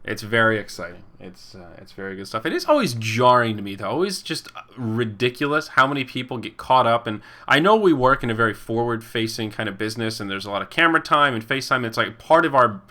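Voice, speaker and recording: A young man in his twenties chats loosely on his own podcast, reacting to viewer comments as they come in. His voice is bright and forward, and he rambles, chuckles and slips into quick impressions of the people he quotes. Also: mid-range voice, very animated. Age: 20s. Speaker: podcast host and esports caster. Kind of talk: casual chat reading live chat.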